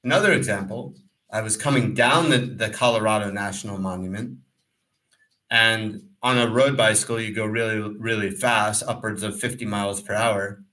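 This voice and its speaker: A man co-hosting a podcast, telling a rambling, animated story in casual talk and acting out the voices in it. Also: lowish voice, normal speed, rough recording. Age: adult, former pro cyclist. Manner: rambling, animated, acts out quotes. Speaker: podcast co-host.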